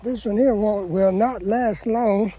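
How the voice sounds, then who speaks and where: A man's voice: high-pitched, fairly even intonation, slow, warm tone. A man chatting folksily to viewers as he walks his vegetable garden, often calling them "people.". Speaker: gardening vlogger. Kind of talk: casual garden walkabout vlog.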